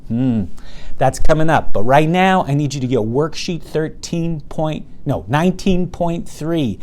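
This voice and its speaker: A man teaching a reading lesson to young children, speaking slowly and patiently in a sing-song way and stretching words out. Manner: bursts loud and high when excited.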